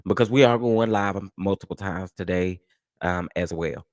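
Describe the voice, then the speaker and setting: Low-voiced man chatting dismissively. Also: normal speed, a little mellow, no echo, studio quality. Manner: chatty, dismissive, laughs often. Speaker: host of a commentary channel. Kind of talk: casual livestream commentary.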